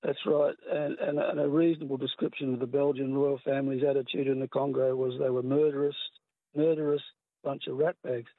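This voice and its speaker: A man's voice: medium pitch, little pitch movement, a little fast, dry recording. A man with an Australian accent calling in to a radio quiz, chatty and hesitant with many fillers. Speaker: caller. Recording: tinny phone line.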